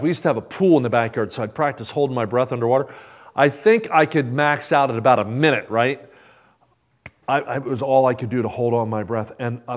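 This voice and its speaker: A middle-aged man preaching, telling a personal story in a lively, animated way, acting out the people in it and asking the congregation "right?". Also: fairly high pitch. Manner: animated storytelling, acts out quoted voices, asks the congregation "right?". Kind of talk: sermon storytelling.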